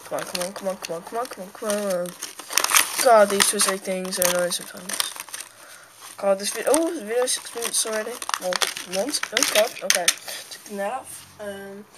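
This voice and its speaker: A woman's voice: mid-range voice, normal speed. Rambling woman unboxing a toy on camera. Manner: rambling, chatty, talks while handling things. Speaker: toy collector vlogger. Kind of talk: casual unboxing commentary. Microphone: handheld camera's built-in mic. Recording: loud noise, crinkling packaging.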